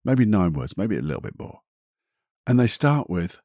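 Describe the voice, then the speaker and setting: A man hosting a reflective podcast, gentle and rambling, leading a guided imagination exercise with a soft laugh at himself. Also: lowish voice, animated, fast, no room sound, studio quality. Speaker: podcast host and therapist.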